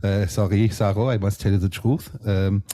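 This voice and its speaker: A halting French judge reading out his notes with a put-on French accent, as a man impersonates him. His voice sits low and mellow, and he hesitates and teases as he talks. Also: steady tone, natural voice. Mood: playful. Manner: halting, full of "uh", teasing. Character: French male beatbox judges, easygoing. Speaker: judge giving feedback.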